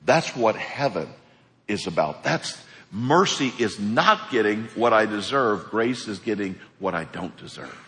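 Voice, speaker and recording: His voice on the low side and his delivery unhurried, a pastor gives an animated sermon, taking on the voices of characters in his stories. The sound echoes with long reverb in a church hall.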